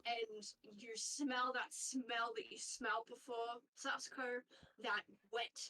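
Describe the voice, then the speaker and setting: Woman game master, slow rambling narration, bright tone, far from the mic. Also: a little high, little pitch movement, slight background noise. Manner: rambling, with frequent fillers and casual swearing.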